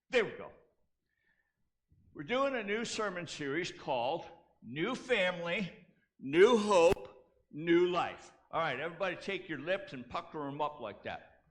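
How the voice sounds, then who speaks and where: A man's voice: on the high side, a bit bright. A male pastor preaching a sermon, leading the congregation in call-and-response and repeating key phrases for emphasis, with casual asides. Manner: casual asides and self-corrections.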